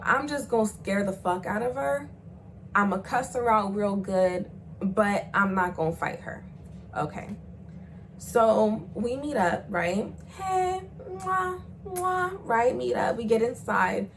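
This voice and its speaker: A woman's voice: mid-range voice, measured pace, vocal fry, slight background noise, low-quality recording. A young woman vlogger telling a personal story in a casual, slangy way, swearing freely and acting out the voices of the people she quotes.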